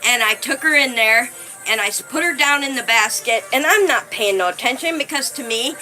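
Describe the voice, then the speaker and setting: A woman chats casually on her live stream in a high, bright voice. She takes her time, thanking viewers by name and talking fondly. Faint music plays quietly behind her. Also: lively intonation, brisk, low-quality recording. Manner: chatty, thanks viewers by name, warmly fond of her dolls.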